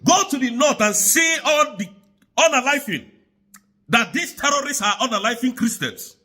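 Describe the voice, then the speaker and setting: A man's voice: extremely high pitch, expressive, moderate pace, sharp tone. A man giving angry, pleading political commentary that circles back on its points.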